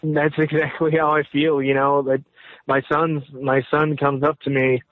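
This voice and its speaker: A man calling in, halting and stammering, close to tears as he talks about his troubles. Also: on the high side, little pitch movement, dry recording. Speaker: caller. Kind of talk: emotional phone call. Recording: tinny phone line.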